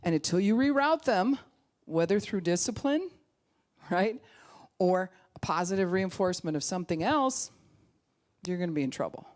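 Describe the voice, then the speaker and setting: A woman pastor giving a conversational sermon, animated, acting out quoted voices and sometimes dropping to a hushed, calm tone. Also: fairly low pitch, normal speed.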